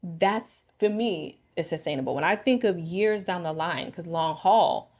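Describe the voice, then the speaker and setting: A woman vlogger and marriage coach talking casually and reflectively to camera, expressive and thinking aloud. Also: lowish voice, unhurried.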